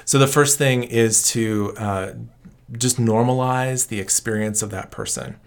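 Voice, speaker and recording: A man answering interview questions as a trauma counselor, in a calm, explanatory and reassuring tone. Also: mid-range voice, unhurried, clean tone.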